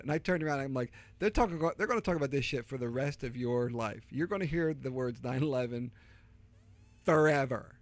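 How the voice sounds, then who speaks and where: A man's voice: medium pitch, a little fast, no room sound. A middle-aged man with a Delaware County Philadelphia accent, chatting casually as a podcast co-host and telling rambling stories full of fillers and restarts. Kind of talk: casual chat.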